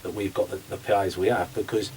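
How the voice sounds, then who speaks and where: A former footballer talks as a radio guest, his low voice set a little back from the mic. He tells lively stories and acts out both sides of old conversations. Faint hiss runs under the recording. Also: brisk, recorded from a distance, low-quality recording. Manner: animated storyteller, acts out conversations. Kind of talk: radio interview chat.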